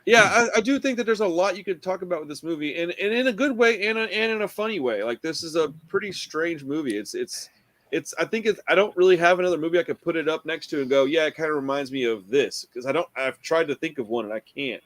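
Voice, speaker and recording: A man hosting a casual film podcast, talking in an animated, slangy way and acting out quotes. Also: fairly high pitch, quick pace, dry recording. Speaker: podcast host. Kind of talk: casual chat about a film.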